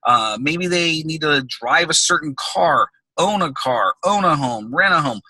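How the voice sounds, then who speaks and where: A man's voice: on the high side, lively intonation, measured pace, bright, forceful tone, breathy edge, no echo, poor audio. A man coaching business owners on a group call, talking in an emphatic, conversational way and checking in with "okay?" between points. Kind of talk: recorded group call teaching.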